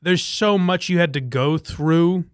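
A man's voice: on the high side, a little slow, dry recording, clean studio sound. A man hosting a casual podcast chat, laughing often and swearing freely as he reacts to a clip. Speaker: podcast host.

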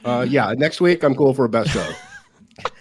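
A man's voice: mid-range voice, expressive, measured pace, slight background noise. A man in casual podcast chat, blunt and offhand, who swears freely. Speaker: podcast co-host.

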